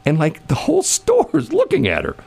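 A man's voice: very high-pitched, huge pitch swings, brisk, creaky, darkish tone, breathy edge. A man casually telling a long anecdote in conversation, rambling with many restarts and bursts of laughter. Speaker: storyteller in a conversation.

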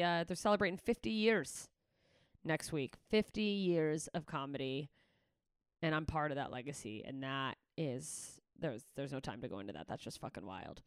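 Profane, rambling woman comedian, smooth voice. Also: lowish voice, no room sound, clean studio sound. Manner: candid, rambling, swears freely. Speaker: comedian and podcast host. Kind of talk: casual podcast sign-off chat.

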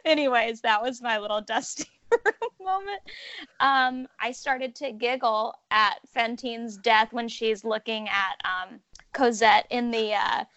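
A woman's voice: on the high side, a little slow, fairly bright tone, dry recording, dull audio. A woman co-hosting a casual movie podcast, chatty and blunt, laughing often as she talks. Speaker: podcast co-host.

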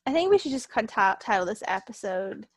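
A woman co-hosting a podcast, reassuring in calm casual chat with short replies. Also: mid-range voice, brisk, no room sound, clean studio sound. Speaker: podcast co-host.

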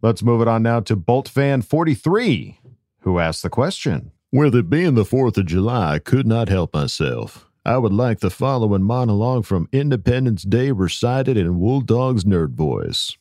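Lively laughing male podcast host. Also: fairly low pitch, normal speed, no room sound, clean studio sound. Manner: laughs often, reads listener messages aloud. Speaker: podcast host reading fan questions. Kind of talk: casual podcast chat.

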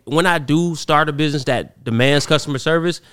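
A man co-hosting a podcast, talking in a measured, agreeable way during casual chat. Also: on the high side, fairly bright tone, smooth. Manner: measured, agreeable, telling a family story. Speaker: podcast co-host.

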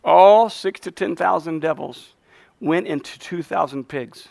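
High-pitched, fiery preaching pastor, man. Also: unhurried, vocal fry, a little mellow, dry recording. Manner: fiery, call-and-response preaching with joking asides. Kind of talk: sermon. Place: church.

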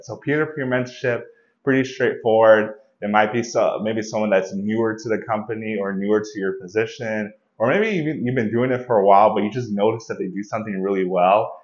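Earnest low-voiced man, lo-fi audio. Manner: earnest, reflective, conversational with frequent restarts. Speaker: podcast host. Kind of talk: solo motivational talk.

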